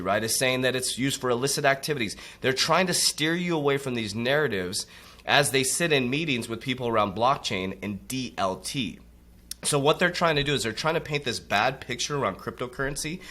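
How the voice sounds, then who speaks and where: Bright-voiced preachy motivational man. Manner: preachy, repeatedly addresses listeners as warriors; drops low and quiet on tag words. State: coughing from allergies. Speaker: crypto motivational coach. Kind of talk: motivational monologue.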